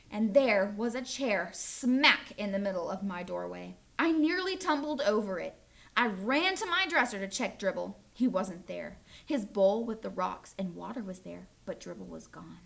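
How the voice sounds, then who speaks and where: A woman teacher reading a children's chapter book aloud to her students, in a friendly, animated storytelling way. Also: medium pitch, a little slow, gravelly.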